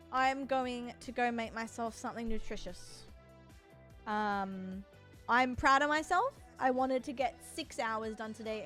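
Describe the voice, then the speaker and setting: A young woman, chatting casually and rambling with her stream viewers from home. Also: fairly high pitch. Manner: rambling, chatty, laughs often.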